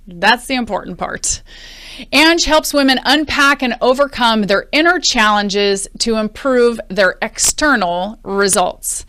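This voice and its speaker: A woman hosting a podcast interview, chatty and quick to laugh. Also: a little high, a bit bright. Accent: American. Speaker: podcast host.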